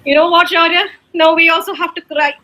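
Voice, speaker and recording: Bright, high-voiced woman teacher. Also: little pitch movement, a little fast, slight background noise. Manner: encouraging, laughing often, coaxing a child. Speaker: teacher in a recorded demo class. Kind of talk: animated kids' online class.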